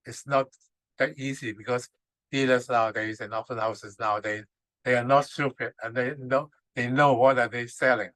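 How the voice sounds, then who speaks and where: A man's voice: medium pitch, steady tone, normal speed, a bit bright, no echo, low-quality recording. A man from Hong Kong, a native Cantonese speaker, giving a lecture in hesitant English full of uhs. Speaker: guest speaker, ceramics expert. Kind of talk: lecture presentation.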